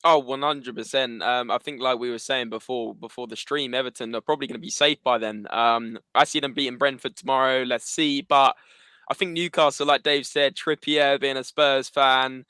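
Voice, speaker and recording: Guy with a crisp bright voice, dry mic, chatting about football. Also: mid-range voice, fairly even intonation, moderate pace, dry recording. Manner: enthusiastic, talks in loose asides. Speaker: guest pundit. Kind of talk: casual livestream chat.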